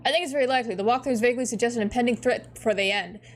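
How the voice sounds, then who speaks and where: A woman hosting a casual read-through of a webcomic, giggly and excitable, swearing freely. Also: on the high side, very fast. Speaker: host reading a webcomic aloud. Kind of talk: casual reading and commentary.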